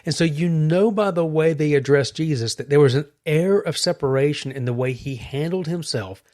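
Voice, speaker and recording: A man co-hosting a Christian podcast, speaking earnestly and reflectively, slowing down on key points. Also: on the high side, darkish tone. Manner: earnest, reflective, slow emphasis. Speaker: podcast co-host, Christian minister. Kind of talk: casual chat.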